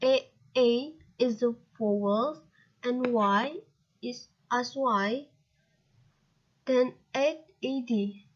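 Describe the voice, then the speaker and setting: Slow, halting Indonesian student woman. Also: on the high side, dull audio. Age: young adult. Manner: slow, halting reading with spelled-out letters. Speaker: student presenter. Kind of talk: reading a grammar lesson aloud.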